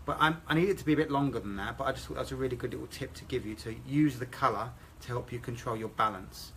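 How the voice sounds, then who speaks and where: British man, average-pitched voice, patient step-by-step explanations, slight room noise behind. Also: fast, vocal fry, a bit bright. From England. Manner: explains steps methodically, asks okay?. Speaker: hair educator. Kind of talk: live haircut demonstration.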